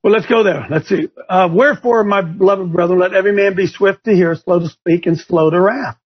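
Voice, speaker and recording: A man hosting a Christian talk show, preaching with passion that rises to near shouts. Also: high-pitched, fairly even intonation, brisk, slightly rough. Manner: impassioned, rising to near shouts. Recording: dull lo-fi broadcast audio.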